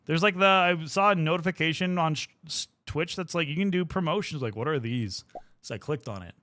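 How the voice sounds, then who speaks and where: A man's voice: a little high, fairly quick, sharp tone, no room sound. A young man chatting casually on a livestream while painting miniatures, rambling and swearing freely as he talks to his viewers. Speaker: streamer.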